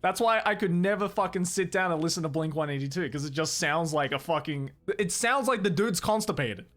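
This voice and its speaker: A man's voice: a little high, animated, brisk, fairly bright tone, soft background music. A young Australian man streaming in a studio, chatting casually and animatedly. He swears often and laughs a lot. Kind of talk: casual chat. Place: studio, indoors.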